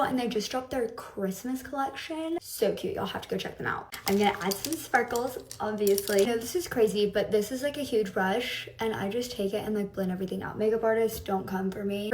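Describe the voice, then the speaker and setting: A woman's voice: a little high, distant mic, a little hiss or hum. Bubbly young woman vlogger, confiding chat, roomy echoey sound. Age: young adult. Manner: bubbly, confiding, laughs between words. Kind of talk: casual get-ready-with-me chat. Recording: roomy echo.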